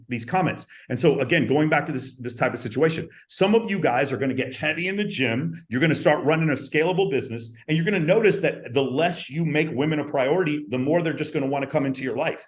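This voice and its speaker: A man hosting a podcast, talking emphatically to his viewers, repeating his points and swearing. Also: fairly high pitch. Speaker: podcast host. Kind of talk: animated podcast monologue to viewers.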